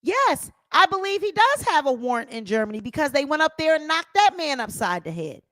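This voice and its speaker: A woman's voice: sits high, sing-song, brisk, fairly bright tone, no echo. A woman hosting her own channel, giving sassy, opinionated celebrity gossip commentary and calling her viewers honey.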